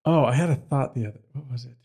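A man's voice: mid-range voice, quick pace, warm tone, breathy edge. A young man co-hosting a podcast, chatting casually, rambling and swearing now and then. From United States. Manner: rambling, loses his train of thought, swears casually. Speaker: podcast co-host. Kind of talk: casual chat.

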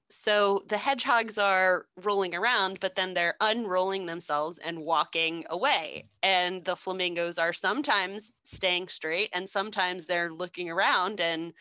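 A woman casually retelling a story as a podcast co-host, loose and unhurried, with lots of fillers and swearing. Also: mid-range voice, bright, forceful tone, no room sound.

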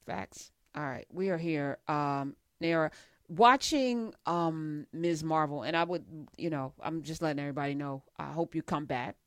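A frank woman hosts a casual conversation with a lowish voice. Her talk is blunt and direct. The sound is dry and close, with no room echo. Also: moderate pace. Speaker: host.

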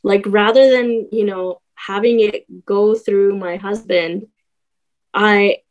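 Young woman recounting, halting and filler-heavy. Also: medium pitch, fairly even intonation, dull audio. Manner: hesitant, many fillers and restarts. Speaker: guest. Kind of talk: personal story in a podcast conversation.

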